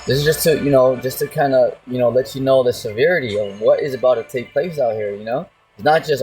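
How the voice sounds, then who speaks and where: A man's voice: mid-range voice, darkish tone. Man giving slangy Bible teaching. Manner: slangy and rhetorical, keeps asking "see?" and "you know?"; slow, drawn-out emphasis when reading scripture verses. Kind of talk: casual street-style Bible teaching. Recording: mic at a distance with faint music behind.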